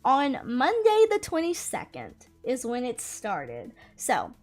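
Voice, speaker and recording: High-voiced chatty young woman vlogger. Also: slow, soft background music. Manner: chatty and animated, laughing through the story. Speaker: YouTuber. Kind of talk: casual storytime chat to camera. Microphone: camera mic, close to the camera.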